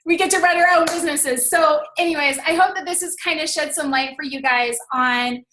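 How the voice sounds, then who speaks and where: Woman coach, upbeat pep talk over a video call, high bright voice, echoey room. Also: brisk. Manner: enthusiastic, fillers of "like", addresses listeners as "you guys". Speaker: team coach on a training call. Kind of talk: motivational talk.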